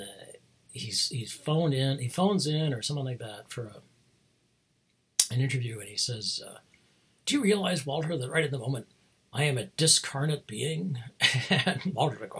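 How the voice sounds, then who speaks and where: A man with a gravelly, rough-edged voice tells a rambling story at home. His tone is husky and a little worn. He chuckles often, loses the thread and laughs at his own jokes. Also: medium pitch, a bit bright. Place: home, speaking remotely.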